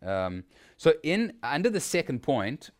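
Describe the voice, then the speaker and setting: A man's voice: on the high side, very animated, measured pace. A man, teaching a workshop on sermon preparation in a conversational way, with frequent restarts and rhetorical questions. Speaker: preacher teaching a preaching workshop. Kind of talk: informal teaching talk.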